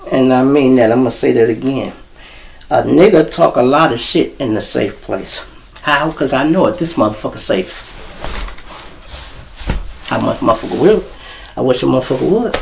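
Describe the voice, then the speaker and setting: Animated cussing man. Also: gravelly, a little hiss or hum, rough recording. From Chicago. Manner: animated, swings from low mutters to loud outbursts, cusses freely. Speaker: show host and storyteller. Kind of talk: casual monologue to a live audience. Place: home room.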